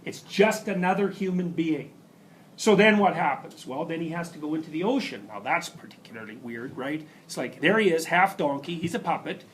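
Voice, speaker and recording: High-voiced emphatic male lecturer. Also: lively intonation, moderate pace, fairly bright tone, a little hiss or hum, poor audio. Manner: emphatic, storytelling with asides and rhetorical questions. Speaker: university lecturer. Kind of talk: classroom lecture.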